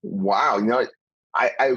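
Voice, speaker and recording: A man's voice: on the low side, a little slow, fairly bright tone, breathy edge, dry recording, lo-fi sound. A man hosting a casual podcast chat who often stumbles, restarts and laughs along. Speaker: podcast host.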